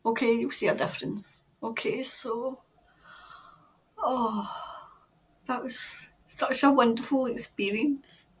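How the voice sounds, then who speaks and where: A woman's voice: on the high side, a bit bright. A Scottish woman hosting a tarot reading video, emotional and stopping often to compose herself. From Scotland. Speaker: tarot reader host.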